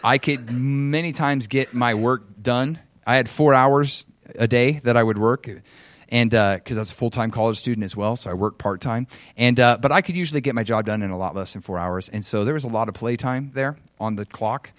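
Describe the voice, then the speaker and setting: A man preaching a sermon, telling a personal story with animated swings between loud emphasis and soft asides, often chuckling. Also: medium pitch, a little fast, no echo.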